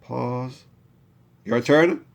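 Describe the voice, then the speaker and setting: Man teacher, patient chanting lesson, slow and deliberate, mid-range voice. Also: medium pitch, gravelly. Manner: patient, talks learners through each step and has them repeat. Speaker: Torah reading teacher.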